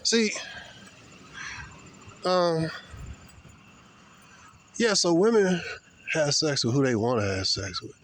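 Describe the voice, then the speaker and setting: A man's voice: a little high, big pitch swings, takes it slowly, long pauses, fairly bright tone. A man giving a blunt, rambling opinion monologue while walking outdoors, with many fillers and repeated words. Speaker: vlogger. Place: outdoors, walking past people.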